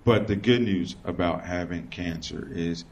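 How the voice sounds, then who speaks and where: A young man doing a stand-up comedy set, telling stories loosely and profanely, acting out quick back-and-forth exchanges. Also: low-pitched, creaky, darkish tone, lo-fi sound. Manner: loose, conversational, profane storytelling with quoted exchanges. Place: small comedy venue with live audience.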